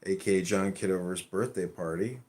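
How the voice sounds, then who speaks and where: A man's voice: deep voice, a little fast, a little mellow. A man hosting a podcast, telling crude, rambling comic stories full of swearing. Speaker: podcast host. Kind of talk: profane comedic storytelling.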